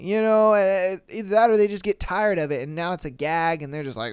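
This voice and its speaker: Animated man hosting a podcast. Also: brisk, few pauses, clear, resonant tone, dry recording, studio quality. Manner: animated, swearing, jumps into high mock voices. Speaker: podcast host. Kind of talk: casual podcast commentary reading listener stories.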